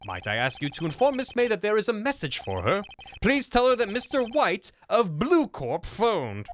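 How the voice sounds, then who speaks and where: A man's voice: high voice, wildly swooping pitch, moderate pace, a bit bright, a little hiss or hum, pitched above the performer's own voice, exaggerated voice. A man voicing a stiff, overly formal hotel bellboy who tacks a polite "sir" onto every sentence. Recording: game music playing underneath.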